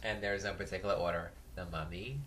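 A man co-hosting a podcast in casual chat, animated and campy in his delivery. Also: fast, slight background noise. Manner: animated and campy, bursts into falsetto movie quotes. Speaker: podcast co-host.

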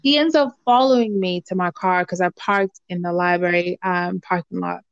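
A young woman co-hosting a podcast, telling a story in casual chat, full of fillers, and acting out other people's lines in lively voices. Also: on the low side, moderate pace, smooth, no echo, dull audio. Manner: animated, acts out quoted voices, lots of fillers.

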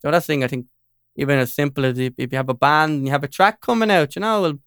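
A man's voice: fairly high pitch, rapid-fire, a bit bright, clear, resonant tone, dry recording, clean studio sound. A man with an Irish accent hosting a podcast, chatting in an upbeat, eager way and often repeating his agreement. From Ireland. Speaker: podcast host. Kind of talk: casual chat.

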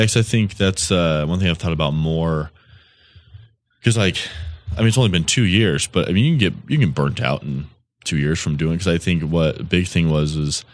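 A man with an extremely deep voice chats as a podcast guest. He rambles and restarts his thoughts, and he laughs easily. The recording is dry and close-miked. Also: brisk, no room sound. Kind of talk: casual chat.

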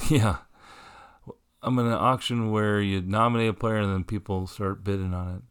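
A man's voice: fairly low pitch, steady tone, moderate pace, a bit bright, smooth. A man co-hosting a casual podcast, telling a rambling story and laughing often as he talks. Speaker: podcast co-host. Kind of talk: casual chat.

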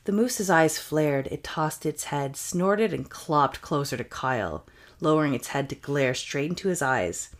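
A woman's voice: low voice, animated, unhurried. A woman co-hosting a comedy podcast, reading a story aloud with playful banter and frequent laughter. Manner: playful, laughs often, breaks into silly voices.

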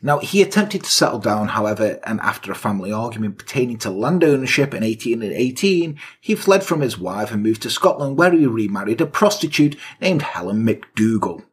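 A man's voice: mid-range voice, big pitch swings, brisk, hardly any pauses, husky. A man co-hosting a podcast, telling a historical crime story in a casual, crude, jokey way. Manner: crude, jokey, sarcastic asides. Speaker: podcast co-host.

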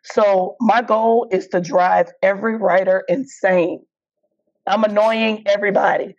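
A woman's voice: mid-range voice, normal speed. A woman comedian, chatting in a casual interview, laughing and acting out what people said. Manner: animated, laughing, acts out quotes. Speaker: comedian guest. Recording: dull lo-fi audio.

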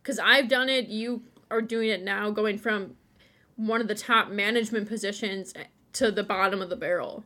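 A young podcast co-host from Buffalo, New York chats casually, laughing and restarting a lot. Her mid-range voice is sharp and steady, and she keeps a moderate pace.

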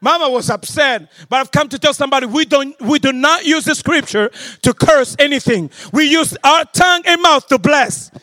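High-voiced preacher, hushed to shouting. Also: male voice, moderate pace, few pauses. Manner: swings from hushed storytelling to shouted exhortation. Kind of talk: sermon with storytelling.

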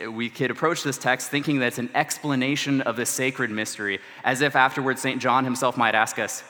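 A man, delivering a sermon as a church's student ministry director, earnest and measured with casual asides. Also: mid-range voice, sharp tone. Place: large church sanctuary. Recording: long church-hall reverb.

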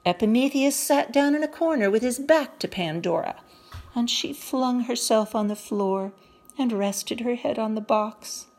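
A woman reads a children's story aloud slowly and gently, with expressive turns in her telling. Her voice sits a little high, and she takes her time over each line.

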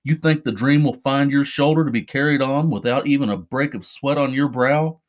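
A mocking, judgmental male ghost talks in a slightly lowered and scornful voice, voiced by a male narrator. He sounds cold and unmoved throughout. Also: moderate pace, lightly acted.

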